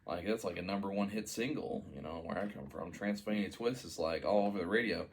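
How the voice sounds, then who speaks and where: A man's voice: low voice, quick pace, slight background noise, pitched below the performer's own voice. A man voicing an easygoing young male slug who talks in a casual, surfer-style "dude" way. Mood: sympathetic.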